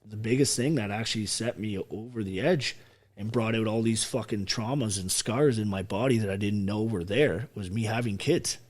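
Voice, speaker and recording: A man's voice: on the low side, moderate pace. A man, an army veteran guest telling his story bluntly and with heavy swearing, acting out what others said. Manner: profane, blunt, acts out quoted speech. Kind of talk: emotional storytelling on a podcast.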